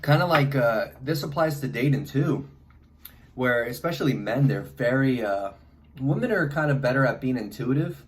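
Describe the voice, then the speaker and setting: Young man, stuffy with a head cold, loose advice monologue full of fillers and restarts, mid pitch. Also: animated, moderate pace. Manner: rambling, many fillers and restarts. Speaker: vlogger.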